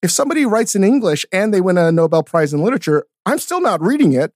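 A middle-aged man hosting a podcast, chatting casually and telling stories with animated, mock-outraged emphasis. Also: high-pitched, quick pace, dry recording, studio quality. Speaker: podcast host. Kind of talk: casual chat.

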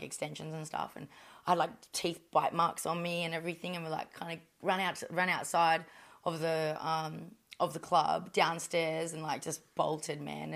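An Australian woman telling stories as a podcast guest, animated and blunt, with plenty of swearing. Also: lowish voice. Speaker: guest, professional boxer. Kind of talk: casual storytelling.

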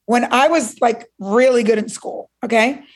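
A woman's voice: fairly high pitch, moderate pace. A woman from Cuba telling a story as a guest in a conversation, acting out the voices she quotes. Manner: animated, acts out quoted voices.

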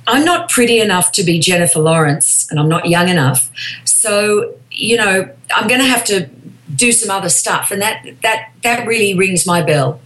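Australian woman, chatty guest, animated storyteller, remote line. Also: mid-range voice, low-quality recording. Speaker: guest, comedian and voice actor. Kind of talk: casual interview chat. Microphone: phone or remote line.

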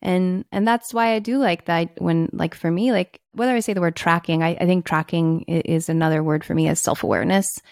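A young woman co-hosting a casual podcast chat, animated and acting out her own past thoughts. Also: on the low side, fairly quick, few pauses, dry recording, studio quality.

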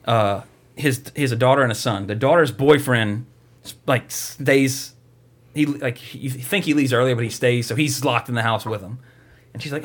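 Man, middle-pitched, loose and profane; rambles and mocks while retelling a film plot. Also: moderate pace. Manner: rambling, profane, mocking storyteller. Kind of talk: casual movie recap chat.

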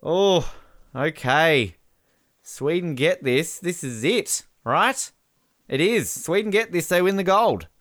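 A man doing casual, joking commentary while watching a match, with bursts of excited shouting at big moments. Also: a little high, slow pace, no room sound, studio quality. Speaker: podcast co-host.

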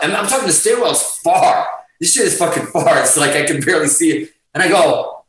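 A middle-aged man from Portugal, a guest musician telling a story on a podcast in a lively, profane way, acting out the quotes. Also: high voice, moderate pace, distant mic. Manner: animated, profane, acts out quotes. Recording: echoey room, off-mic.

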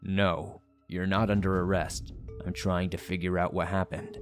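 A man voicing a middle-aged male sheriff who questions an accident victim calmly and pointedly, in a horror story reading. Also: low-pitched, normal speed, music in the background, natural voice. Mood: probing. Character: middle-aged male small-town sheriff, probing and measured.

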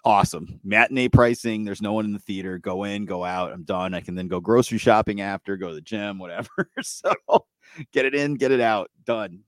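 A man's voice: lowish voice, fairly quick, fairly bright tone, dry recording. A middle-aged man co-hosting a podcast in casual chat, getting worked up, swearing freely and laughing often. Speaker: podcast co-host.

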